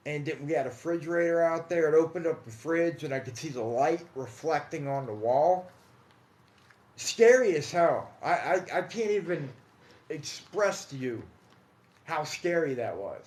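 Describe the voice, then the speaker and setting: A man casually telling his own paranormal experiences on a livestream, calling his listeners guys and dude, hushed in some stretches and emphatic in others. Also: fairly high pitch, expressive, moderate pace. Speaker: paranormal storyteller. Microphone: phone or computer mic on a livestream. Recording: echoey room.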